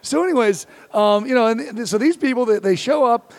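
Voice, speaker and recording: A man's voice: very high voice, animated, brisk, a little mellow. A man in his thirties, a podcast host, telling a self-mocking comic story with acted-out quotes. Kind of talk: comedic storytelling chat.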